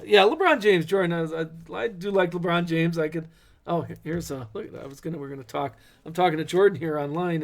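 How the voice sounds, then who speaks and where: A man's voice: on the high side, vocal fry. A middle-aged man hosting a live card break, chatting casually and cracking corny dad jokes.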